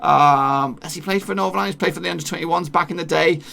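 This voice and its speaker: A man's voice: fairly high pitch, quick pace, vocal fry, sharp tone. A man chatting casually through a football team lineup, rambling, with many fillers and restarts. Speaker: football video creator.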